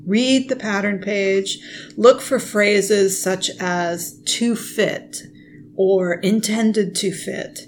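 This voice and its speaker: Slow, methodical woman podcast host. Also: medium pitch, steady tone, slight background noise. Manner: explains slowly and methodically. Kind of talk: casual podcast chat. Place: at home with pets nearby.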